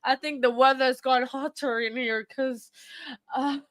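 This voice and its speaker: A woman talks to her livestream viewers in a high, unhurried voice, choking up with tears and breaking into laughter as she stumbles over her words. Her speech is halting and repetitive. The sound is dry and close, with no room echo. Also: steady tone. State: crying. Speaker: livestream host. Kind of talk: casual livestream chat with viewers.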